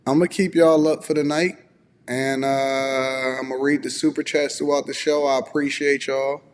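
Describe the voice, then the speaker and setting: A man hosting a casual live stream from home, relaxed and a bit groggy with a slightly raspy voice, chatting and reading viewer messages aloud. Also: mid-range voice, normal speed, long reverb tail, a little hiss or hum. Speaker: host.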